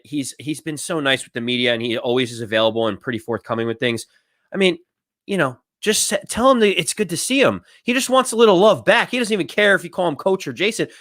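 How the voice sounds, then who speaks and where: A man's voice: on the high side, expressive, a little fast, a bit bright, no echo, studio quality. A man co-hosting a sports podcast in casual chat, telling a story step by step and acting out quotes. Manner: explanatory storytelling, acts out quotes. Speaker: podcast co-host.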